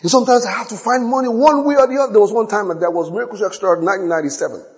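A middle-aged man, preaching a sermon as pastor, tells racing stories full of repetition, sudden loud high outbursts, and quiet hushed asides. The recording carries a long hall reverb.

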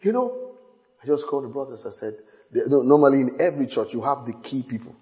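A middle-aged man preaching a sermon as pastor, telling stories with repetition, sudden loud high outbursts and quiet hushed asides. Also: lively intonation, fast talker. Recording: long hall reverb.

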